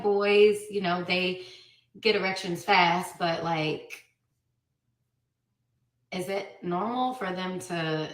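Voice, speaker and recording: A woman's voice: medium pitch, sharp tone. A woman in her thirties giving a blunt, profane, emphatic personal account as an interview guest. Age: 30s. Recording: roomy sound, mic at a distance.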